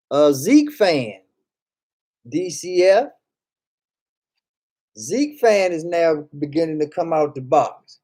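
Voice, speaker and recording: Slow-talking, joking male streamer. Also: on the high side, a little mellow. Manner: joking, profane, reads chat aloud. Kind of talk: casual chat.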